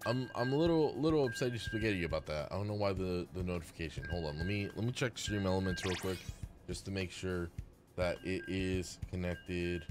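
A man streaming a video game live, excitable and apologetic as he chats with his viewers. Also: sits low, fairly quick. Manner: excitable, yelps and laughs during play. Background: game music.

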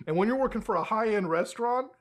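Podcast co-host, man, high voice, animated, foul-mouthed, laughs mid-sentence. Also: fast, a little hiss or hum. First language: Hindi. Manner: animated, swears a lot, laughs while talking. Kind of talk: casual chat.

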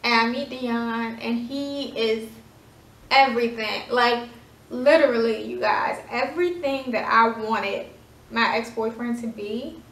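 A woman's voice: a little high, fairly even intonation, measured pace, fairly bright tone. A woman in her twenties, chatting dramatically through a casual storytime with lots of fillers. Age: 20s. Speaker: vlogger. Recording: echoey room, voice from far off.

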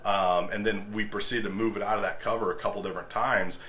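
A man telling fly fishing stories in casual conversation, lively and acting out excited moments. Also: lowish voice, fast talker, slight background noise. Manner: animated storyteller, acts out shouted quotes.

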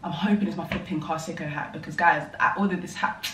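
A young woman, vlogging in casual chat straight to camera, animated and talkative. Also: low voice, quick pace, a little hiss or hum, low-quality recording. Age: young adult.

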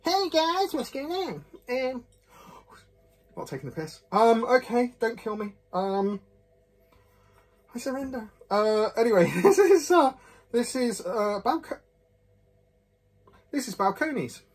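A man's voice: extremely high pitch, animated, slow, long pauses, husky. A man, casually reviewing a whisky in a rambling, jokey, self-mocking way with many fillers.

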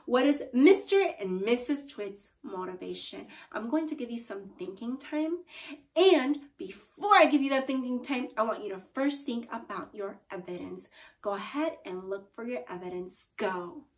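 A woman's voice: on the high side, lively intonation, moderate pace. A woman teacher leading a read-aloud lesson, encouraging her students as she goes.

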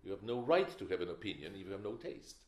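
Older man, very deep voice, lively swooping delivery, emphatic lecturing, echoey hall. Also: quick pace. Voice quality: opinionated, emphatic, wry storytelling. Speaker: film director giving a masterclass. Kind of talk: masterclass lecture.

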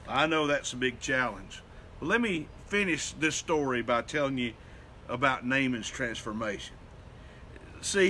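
A middle-aged pastor from the Southern United States preaches a short devotion, earnest and folksy. His voice is bright and forceful, sitting a bit high for a man. A faint hiss runs under the recording. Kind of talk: devotional sermon.

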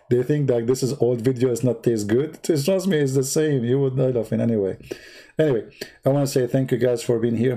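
A man hosting a livestream, retelling a story in a mocking, animated way and speaking broken, non-native English. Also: husky. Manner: mocking, animated storytelling with big pitch swings. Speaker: livestream host. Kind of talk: casual livestream commentary.

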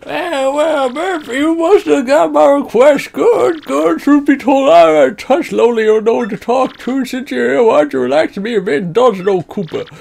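A man's voice: very high voice, normal speed, creaky, hardly any pauses, a little mellow, voice pushed up, exaggerated voice. A man voicing a forgetful, rambling old male turtle-creature in a video game. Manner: rambling, loses his train of thought.

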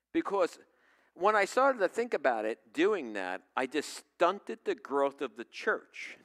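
Male pastor, middle-aged, conversational storyteller, animated and higher-pitched delivery. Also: a little slow. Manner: storytelling, conversational, asks the congregation questions. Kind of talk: sermon.

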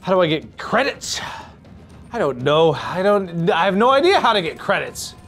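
A man in his thirties doing chaotic VR game commentary on a headset mic, swinging between loud outbursts and sick, out-of-breath muttering. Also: high voice, sing-song, moderate pace, a little hiss or hum. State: nauseous and out of breath. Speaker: gaming video host.

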